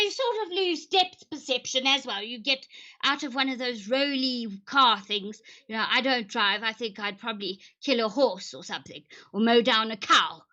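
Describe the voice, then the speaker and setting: A woman voices a scatterbrained lady senator lost out of her own time. She rambles in a high, bright voice that swoops up and down. She keeps hopping between accents as she goes. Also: lo-fi sound. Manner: rambling, theatrical, switches accents on a whim. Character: eccentric time-travelling lady senator from long ago. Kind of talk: improvised character live stream.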